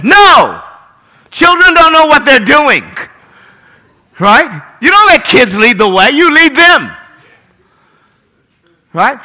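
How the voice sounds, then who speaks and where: A man preaching a sermon as pastor, animated and jokey, acting out little voices of pets and people. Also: very high-pitched, slow pace, pauses often.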